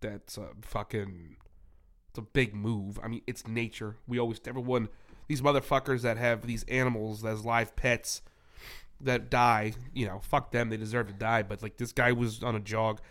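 A man's voice: steady tone, moderate pace, a bit bright. A man co-hosting a podcast, talking in a casual, dry, teasing way. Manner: dry teasing, low-key. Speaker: podcast co-host. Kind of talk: casual chat.

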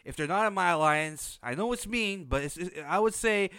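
A man's voice: sits high, lively intonation, normal speed, bright, forceful tone, smooth, dry recording. A man hosting a podcast, giving a blunt, opinionated recap of a reality show in a casual, unsympathetic way. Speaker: podcast host.

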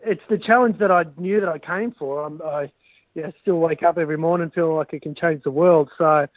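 A man's voice: on the high side, fairly quick, no room sound. A man answering interview questions about his club, upbeat, with many fillers. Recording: tinny dry phone line.

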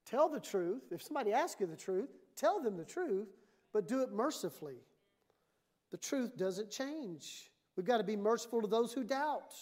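A woman's voice: on the high side, lively intonation, normal speed, a little mellow. A woman pastor preaching a sermon in a church, emphatic and conversational, often acting out the voices she quotes.

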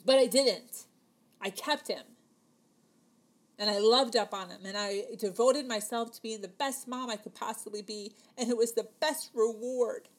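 A woman's voice: fairly high pitch, normal speed. Chatty woman in her thirties. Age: 30s. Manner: chatty, many fillers, acts out dialogue. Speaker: vlogger telling a personal story. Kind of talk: casual storytelling to camera.

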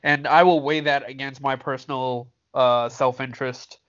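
A man's voice: medium pitch, steady tone, normal speed, fairly bright tone. A man co-hosting a podcast in casual chat, dry and wry with mock-formal phrasing. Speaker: podcast co-host. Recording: dull lo-fi sound.

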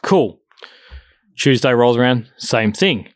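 A man's voice: mid-range voice, lively intonation, slow, no room sound, studio quality. A man telling a story in casual chat, swearing freely and acting out both sides of the conversation.

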